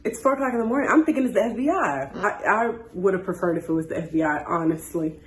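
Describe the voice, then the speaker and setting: A woman in her twenties telling a story on a casual story time chat, animated and jumping high when she quotes people. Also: fast, reverberant, low-quality recording. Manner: animated, jumps to high voices when quoting.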